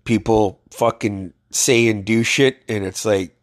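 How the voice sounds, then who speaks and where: A man's voice: on the low side, steady tone, takes it slowly, no echo, studio quality. A man telling stories in a blunt, profane, ranting way, venting in a casual video diary while sick with covid. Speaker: vlogger.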